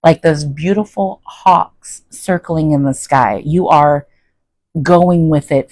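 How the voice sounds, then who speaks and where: A woman's voice: mid-range voice, slow pace, a little mellow, no room sound, poor audio. A woman giving a chatty, folksy tarot reading to her viewers, often checking in with "okay?". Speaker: tarot reader.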